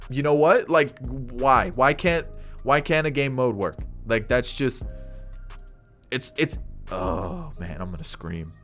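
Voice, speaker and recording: A man's voice: lowish voice, fairly bright tone. A young man giving casual commentary on his own gameplay, thinking aloud with frequent restarts and getting exasperated at times. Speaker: gaming YouTuber.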